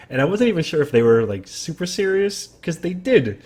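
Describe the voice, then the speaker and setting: A man's voice: on the high side, a little fast, hardly any pauses. Rambling, swearing vlog host guy. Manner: rambling, profane, animated storytelling. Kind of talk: casual reaction vlog.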